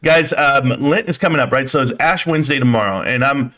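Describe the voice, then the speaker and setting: A man's voice: mid-range voice, fairly quick, bright, forceful tone. A middle-aged man hosting a livestream, ranting casually and bluntly, brushing off critics with swagger. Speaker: livestream host.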